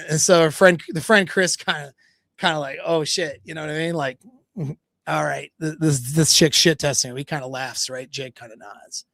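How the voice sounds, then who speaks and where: A man's voice: on the high side, steady tone, normal speed, sharp tone, no echo. A man coaching on dating in a livestream, retelling an encounter casually with quoted dialogue, restarts and occasional swearing. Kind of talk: livestream storytelling.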